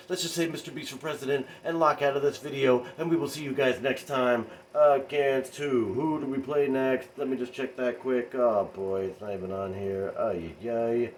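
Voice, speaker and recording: A man's voice: medium pitch, slight background noise, low-quality recording. A man doing a casual, rambling basketball recap for his vlog, talking straight to his viewers. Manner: rambling, animated, talks to viewers. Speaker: sports fan vlogger.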